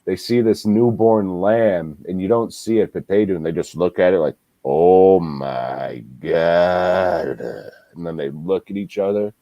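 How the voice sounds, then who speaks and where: A man's voice: low-pitched, fairly even intonation, fairly quick, few pauses, dark tone, no echo, muffled recording. A man co-hosting a podcast, casually retelling a film with lots of swearing and laughter. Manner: laid-back, swears a lot, laughs while retelling. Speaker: podcast co-host, movie reviewer. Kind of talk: casual movie review chat.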